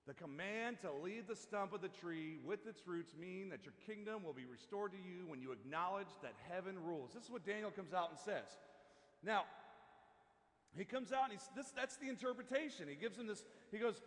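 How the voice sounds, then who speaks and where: A man preaching a sermon as pastor in a church, talking casually and haltingly with many restarts and asides. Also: high-pitched, expressive, a bit bright, long reverb tail. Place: church sanctuary.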